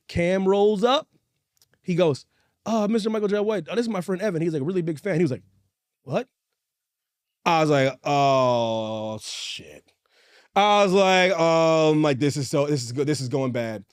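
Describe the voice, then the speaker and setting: A middle-aged man co-hosting a podcast, telling a story in casual chat and acting out the quotes. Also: normal speed. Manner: animated, acts out quotes with big pitch jumps. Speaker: podcast co-host. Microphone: studio mic.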